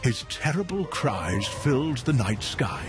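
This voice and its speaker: Slow, lively male storyteller. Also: medium pitch, music in the background. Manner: expressive, drawn-out, emphatic. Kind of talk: dramatic storytelling narration.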